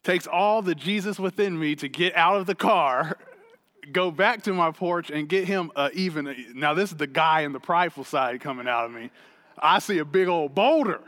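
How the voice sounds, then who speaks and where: A man in his thirties preaching a sermon, energetic and chatty, telling a family story with laughs. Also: on the high side, normal speed, big-room sound. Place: church hall stage.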